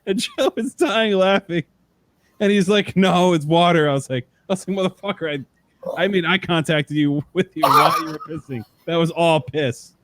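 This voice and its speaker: A man's voice: fairly high pitch, a little fast, slight background noise. A man guest on a talk show, telling tour stories in casual chat, swearing freely and acting out the people in them. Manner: animated storyteller, swears freely, acts out voices. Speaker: podcast guest, tattoo artist.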